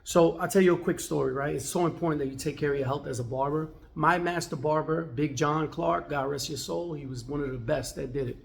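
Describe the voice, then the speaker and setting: Casual barber vlogger, gravelly voice, chatty and conversational, talking to camera in his shop. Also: a little high, fairly quick, hardly any pauses, a little hiss or hum. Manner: conversational, with frequent "right?" tags. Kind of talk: casual vlog talk.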